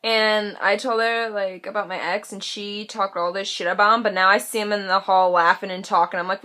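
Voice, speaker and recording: A woman's voice: mid-range voice, steady tone, fairly quick, hardly any pauses, bright, forceful tone. A teenage woman ranting in a casual vlog, chatty and sassy, full of "like" and playful mocking voices. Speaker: vlogger.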